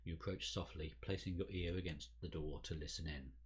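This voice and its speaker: A man reads the story text of a card game scenario aloud for a podcast, steady and measured. His voice is very deep and husky.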